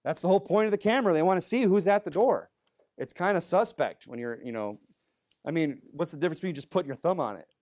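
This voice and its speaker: A man's voice: a little high, animated, fast, darkish tone. A man preaching in a church in a loose, conversational way, with good-humored asides. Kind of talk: conversational sermon.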